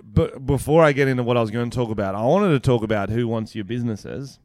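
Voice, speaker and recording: Young Australian podcast host, relaxed storyteller with loose swearing; smooth, clean voice in a dry room. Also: male voice, mid-range voice, fast, dry recording. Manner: laid-back, swears freely, tells stories with quoted voices. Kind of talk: casual chat.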